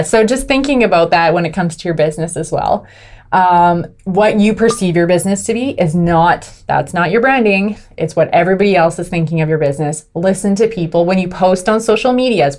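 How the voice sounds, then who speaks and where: Animated woman telling a story. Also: lowish voice, fairly quick, a little hiss or hum. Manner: animated storyteller, laughs often, acts out quotes. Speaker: podcast co-host. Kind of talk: casual chat.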